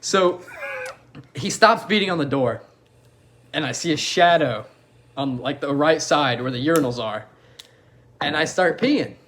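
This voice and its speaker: A man's voice: fairly high pitch, lively intonation, measured pace, long pauses, a bit bright. A young man co-hosting a podcast, telling a crude story among friends and laughing through it. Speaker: podcast co-host.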